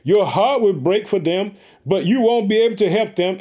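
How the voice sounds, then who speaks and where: A man preaching an energetic sermon, excited and pumped up, often calling out to his listeners and repeating catchphrases. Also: high-pitched, normal speed, few pauses.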